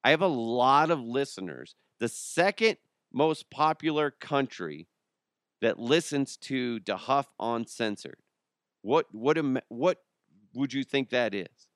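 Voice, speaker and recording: A man's voice: medium pitch, lively intonation, takes it slowly, a bit bright, dry recording, studio quality. A man hosting his own podcast, talking casually in a rambling, joking and self-mocking way. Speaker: podcast host. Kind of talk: casual solo podcast talk.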